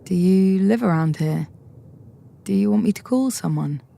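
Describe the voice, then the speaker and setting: A woman's voice: medium pitch, moderate pace, creaky, dark tone. A woman reading the part of a nervous, eager young man who stumbles over his words.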